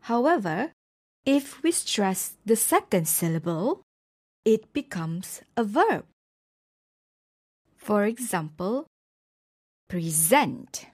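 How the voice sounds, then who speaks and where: Very slow, deliberate woman teacher. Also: medium pitch, big pitch swings, a little mellow, no room sound, clean studio sound. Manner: slow, deliberate, pausing between example words. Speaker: English pronunciation teacher. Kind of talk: scripted lecture narration.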